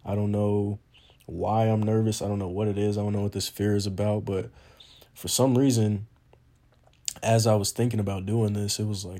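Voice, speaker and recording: A man's voice: fairly low pitch, level tone, moderate pace, dark tone. A young man hosting a solo podcast intro, talking casually and earnestly, admitting he is nervous, with lots of "um" and "man". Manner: earnest, informal, frequent "um" and "man". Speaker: podcast host.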